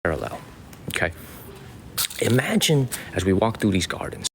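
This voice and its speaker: Brief: low-voiced, gravelly American male streamer touring a garden on a phone mic, outdoor noise around him. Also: big pitch swings, normal speed. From United States. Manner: chatty, repeats himself, addresses viewers as y'all. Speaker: livestream host and tour guide. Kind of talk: casual live-stream tour talk. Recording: noisy outdoor ambience.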